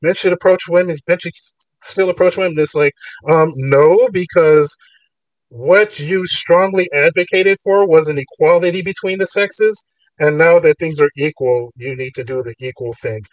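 A man's voice: on the high side, normal speed, dry recording, far from the mic, rough recording. A man hosting a call-in podcast, arguing his points in long rambling runs. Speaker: podcast host. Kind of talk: casual call-in talk.

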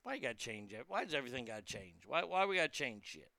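A man with a very bright, gravelly voice talks in a loose, chatty monologue, swearing freely as he rambles from one thought to the next. His tone runs fairly high, smooth and crisp, and it sits close and dry on the mic. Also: big pitch swings, fast talker, no echo. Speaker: host.

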